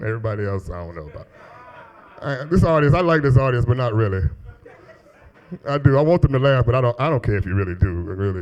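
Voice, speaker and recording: On a comedy club stage before a live audience, a deep-voiced stand-up comedian delivers a profane set into a handheld mic. He tells stories animatedly, putting on exaggerated voices for quoted lines, and the recording quality is low.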